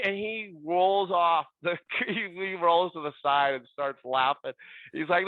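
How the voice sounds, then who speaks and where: Animated storytelling man on a tinny line. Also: fairly high pitch, normal speed, no echo. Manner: acts out players' lines in raised voices. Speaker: podcast guest, former ballboy.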